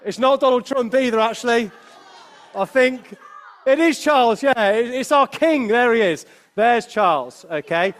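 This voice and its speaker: A man giving a lively children's talk at a Christmas service, asking the children questions as he preaches. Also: very high voice, measured pace, some chatter behind.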